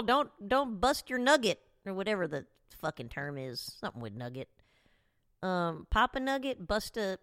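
A woman's voice: medium pitch, sharp tone, no echo, studio quality. A woman talk show host doing a rambling, profane, wry casual rant from home.

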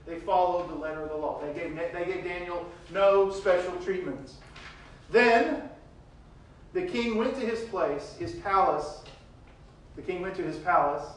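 A man's voice: fairly high pitch, recorded from a distance, slight background noise. Man preaching in a very echoey room. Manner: reads scripture aloud and retells it with swings in loudness. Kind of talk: sermon.

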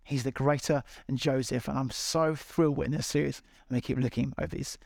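A man's voice: mid-range voice, steady tone, brisk, gravelly, darkish tone, dry recording, studio quality. A man preaching a sermon to a large congregation, earnest and encouraging, with repeated appeals. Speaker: pastor. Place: large church hall.

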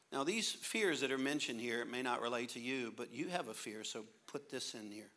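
A man's voice: medium pitch, moderate pace. A middle-aged man preaching a sermon, reading scripture and acting out funny little scenes with his kids. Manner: animated, humorous, acts out little scenes. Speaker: pastor.

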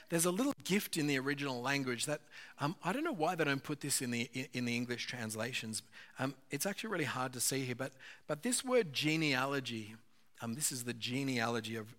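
A man's voice: on the high side, fairly bright tone. A man, a pastor, giving an earnest, conversational sermon with occasional fillers.

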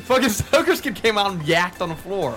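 A man's voice: sits high, sing-song, a little fast, loud music behind the voice. A young man, hosting a casual podcast chat, rambling, swearing and laughing often.

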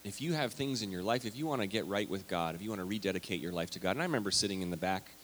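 A man's voice: low voice, very fast, fairly bright tone, a little hiss or hum. A man preaching a conversational, story-filled sermon as pastor of a church. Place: church sanctuary. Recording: long hall reverb.

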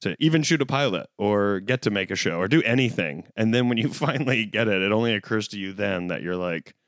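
Lively, playful young man chatting. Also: fairly low pitch, fairly quick, no echo, clean studio sound. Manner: playful, laughing, mock-incredulous asides. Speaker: comedian and TV show creator. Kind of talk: casual comedic chat.

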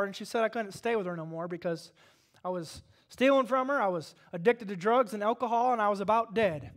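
A man in his forties, a pastor, preaching a sermon with dynamic swings from hushed to loud and fervent. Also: high voice, fairly quick.

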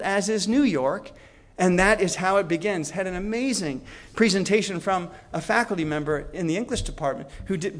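A man lecturing on history, telling the story with energy and acting out the quoted lines. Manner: storytelling, acts out quotes with shifts in pitch.

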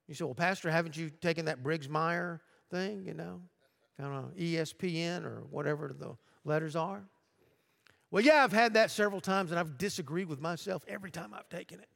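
A man's voice: normal speed, creaky. Preaching man in a reverberant hall. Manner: preaching with swings from quiet, low asides to loud, urgent outbursts. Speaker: pastor. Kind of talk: sermon.

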